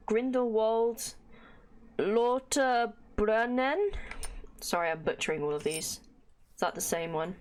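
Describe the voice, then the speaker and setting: A woman's voice: mid-range voice, a little hiss or hum. A woman streaming a game live, chatting casually with her chat and reading in-game text aloud. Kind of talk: casual gameplay livestream chat.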